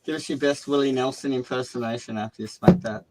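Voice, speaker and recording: A man's voice: mid-range voice, fast talker, warm tone, rough recording. A man chatting casually with friends on a live stream, rambling and repeating himself.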